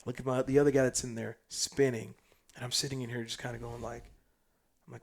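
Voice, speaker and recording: A man from South Sudan, a podcast guest telling a story in casual chat. He is animated and slangy, and swings between loud bursts and hushed asides. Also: mid-range voice, fast talker.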